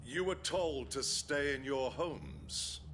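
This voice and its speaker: An actor playing a stern, menacing male soldier commander in a video game, speaking formally and with measured threat. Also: medium pitch, animated, fairly bright tone, slight background noise. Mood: cold, menacing.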